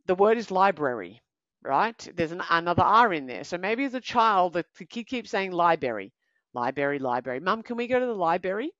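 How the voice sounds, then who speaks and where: A woman podcast host coaches her listeners emphatically, counting off steps and circling back to recap them. Her pitch swings widely as she talks. The audio is dry and a little dull, with no room sound. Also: no echo. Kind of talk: motivational talk, numbered steps.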